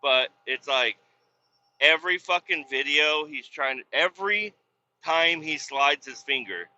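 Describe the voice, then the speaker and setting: Bright-voiced, profane rambling trucker. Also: male voice, a little high, lively intonation, measured pace. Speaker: podcast host, truck driver. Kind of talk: casual storytelling. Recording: dull lo-fi with faint noise.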